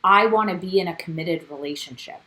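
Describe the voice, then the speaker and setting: A woman's voice: on the low side, a little fast, poor audio. Chatty woman co-hosting a recap. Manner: animated, quotes cast members. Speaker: co-host. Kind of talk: casual recap chat.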